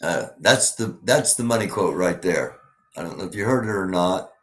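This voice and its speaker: A man's voice: low-pitched, animated, normal speed, a bit bright. A man hosting a live news commentary show, talking sarcastically over clips he plays.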